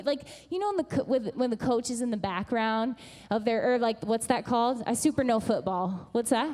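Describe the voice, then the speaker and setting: A woman in her thirties preaching a sermon as pastor, telling stories with lively acted-out voices. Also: on the high side, brisk. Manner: animated storytelling, acts out voices. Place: church sanctuary. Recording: long church hall reverb.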